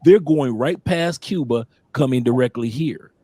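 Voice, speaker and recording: A man hosting a casual chat, telling stories in a lively way and often restarting with repeated words. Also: mid-range voice, a little slow, breathy edge. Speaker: podcast host living abroad.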